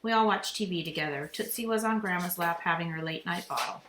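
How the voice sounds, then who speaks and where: A woman reading a children's chapter book aloud in a steady, clear storytelling manner. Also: lowish voice, brisk. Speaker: reader. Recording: echoey room, faint noise.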